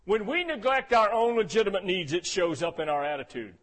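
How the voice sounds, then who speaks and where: Brief: male pastor, high voice, dynamic sermon delivery, soft to shouting. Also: fairly quick. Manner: dynamic preaching, swinging from soft and low to loud and shouting; calls for "Amen?" responses.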